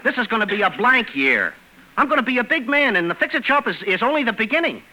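An actor playing a bumbling young fix-it shop owner who cracks quick jokes and lets out nervous chuckles, in a 1940s radio comedy. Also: male voice, very high voice, big pitch swings, bright, forceful tone, heavily acted, rough recording. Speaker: comic lead of the show. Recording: very hissy old radio broadcast.

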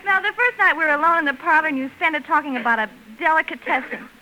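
A woman's voice: high voice, expressive, quick pace. An actress playing a sweet, earnest young girlfriend who frets and pleads, in a 1940s radio comedy. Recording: hissy old radio broadcast.

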